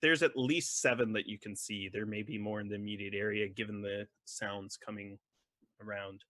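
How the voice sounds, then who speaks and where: A man's voice: lowish voice, fairly even intonation, moderate pace, a bit bright, no room sound. A man narrating a tabletop game as game master, describing scenes and guiding the players through their rolls.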